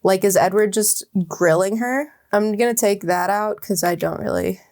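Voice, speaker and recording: A woman's voice: medium pitch, normal speed, darkish tone. A woman writer reading her draft aloud and revising it as she goes, with a chatty, wry manner and casual fillers.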